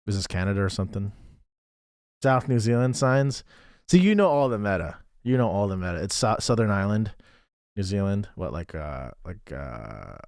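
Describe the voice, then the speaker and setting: Playing a geography game on stream, this man talks casually in a low, darkish voice, musing out loud and thanking his viewers along the way. It's a dry, studio-quality recording.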